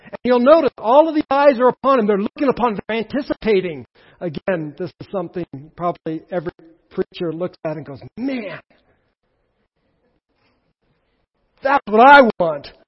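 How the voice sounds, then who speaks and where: A man preaching a sermon in an animated way, with emphatic peaks and asides to the congregation. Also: high voice, quick pace, slightly rough, dull audio. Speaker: pastor.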